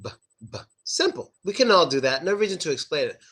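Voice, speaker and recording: A young man teaching English pronunciation, repeating words slowly and exaggerating the sounds. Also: fairly high pitch, very animated, fairly bright tone, husky. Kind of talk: online pronunciation lesson.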